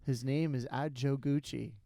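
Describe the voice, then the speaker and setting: A man's voice: mid-range voice, fairly even intonation, moderate pace, creaky, warm tone. A man chatting casually as a podcast guest, laid-back and swearing, often restarting his sentences. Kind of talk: casual chat.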